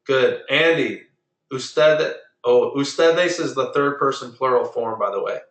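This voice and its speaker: Patient male Spanish teacher, bright voice. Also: medium pitch, reverberant, low-quality recording. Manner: patient, drills pronunciation slowly. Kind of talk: online class lesson. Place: online video meeting.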